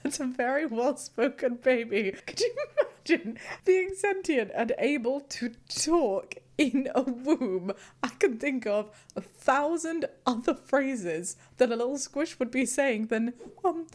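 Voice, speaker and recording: A woman's voice: high-pitched, expressive, unhurried. A woman hosting a casual reaction vlog, reading posts aloud and laughing often between remarks. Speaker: YouTuber host.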